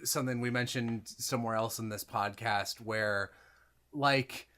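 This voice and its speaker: A man's voice: mid-range voice, steady tone, unhurried, sharp tone. A man co-hosting a casual writing podcast, loose and swearing freely as he chats. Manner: loose, swears freely, laughs into put-on voices. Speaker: podcast co-host. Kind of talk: casual chat.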